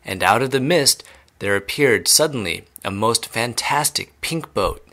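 A man reading a children's novel aloud clearly and steadily, as an English teacher. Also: mid-range voice, lively intonation, unhurried, bright, forceful tone.

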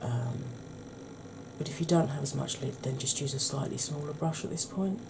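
A woman with a husky, croaky voice hosts a soft-spoken ASMR makeup tutorial, chatting gently to her viewers. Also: extremely low pitch, normal speed, music in the background. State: husky, croaky voice from a sore throat.

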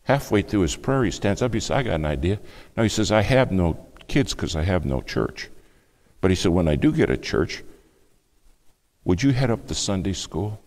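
A man preaching a sermon, telling a family story with hushed asides and louder bursts. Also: sits low, very animated, moderate pace. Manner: dramatic storytelling, acts out quoted speech, shifts between hushed and loud.

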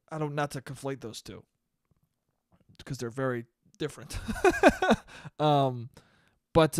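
A young man hosting a solo comedy podcast, talking in a profane, animated rant and laughing at his own jokes. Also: fairly high pitch, clear, resonant tone, no echo, clean studio sound. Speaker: podcast host.

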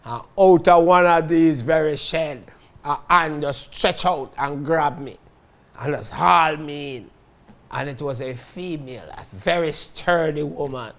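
High-voiced Jamaican man telling his story. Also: unhurried. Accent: Jamaican Patois. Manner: lively, dramatic, addresses listeners as "people". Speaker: storyteller recounting his life. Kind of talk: casual spoken autobiography.

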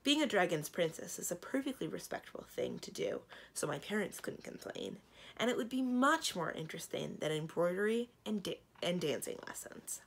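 A bold young princess speaks eagerly, pushing her voice higher, as a woman reading a storybook plays her. Her delivery is lively, with a slight rasp. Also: normal speed, full character voice. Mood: earnest.

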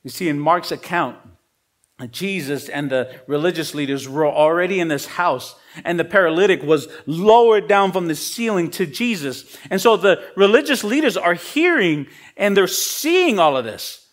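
A man preaching with a slightly higher-than-usual voice. His delivery is relaxed and conversational, with loose everyday slang. He punches key points louder and higher, then drops soft and low. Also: moderate pace. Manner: swings between emphatic rises and quiet drops. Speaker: pastor. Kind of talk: sermon.

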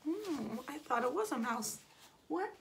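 A woman reads a picture book to children at an unhurried pace, her voice rising and falling a great deal. She keeps it playful, stopping to ask them questions and making the sound effects herself. Her voice sits a little high. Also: lively intonation, slight background noise. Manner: asides and small corrections while reading. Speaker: children's story reader.

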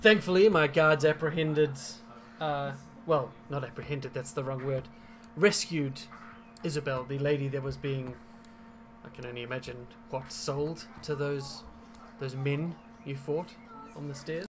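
A man voicing a grateful male noble who speaks formally and haltingly in a tabletop game. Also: mid-range voice, fairly even intonation, a little hiss or hum, natural voice.

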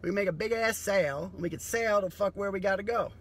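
Man playing a raised-voice hustler type, crude sales pitch. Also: fast talker. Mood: scheming. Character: scheming future male scavenger salesman.

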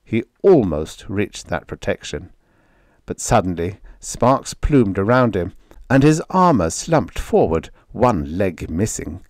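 A man reads a vintage science fiction story in a deep voice that swings widely in pitch. His telling is dramatic and expressive. The sound is close and dry, with no room echo. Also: slow pace. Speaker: audiobook narrator. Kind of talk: vintage sci-fi audiobook narration.

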